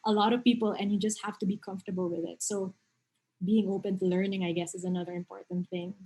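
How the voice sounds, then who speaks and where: A woman, a panelist in an online talk. She speaks in a thoughtful, measured way and corrects herself as she goes, heard over a video call. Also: medium pitch, flat delivery, dark tone, poor audio.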